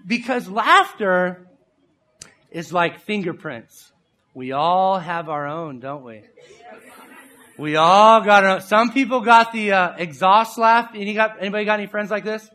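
A middle-aged man preaching a sermon, animated and playful, acting out other people's voices and laughs as he tells stories. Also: high-pitched, measured pace, a faint crowd.

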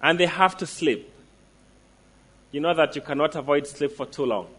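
A man preaching a sermon, emphatic, slowing down to stress declarations and asking the listeners direct questions. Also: on the high side, fairly bright tone, breathy edge.

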